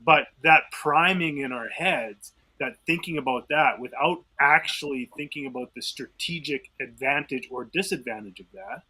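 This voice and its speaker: A man's voice: on the high side, normal speed, hardly any pauses, sharp tone, slightly rough, poor audio. A man co-hosting a podcast, talking through a self-defense case in a loose, thinking-aloud way with many fillers and restarts. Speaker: podcast co-host. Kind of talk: casual discussion.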